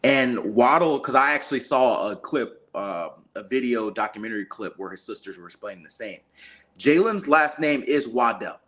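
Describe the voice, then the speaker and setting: A man co-hosting a sports talk show who explains his points in a measured, analytical way. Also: medium pitch, expressive, fairly bright tone. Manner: measured, analytical, uses fillers. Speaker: sports talk co-host and reporter.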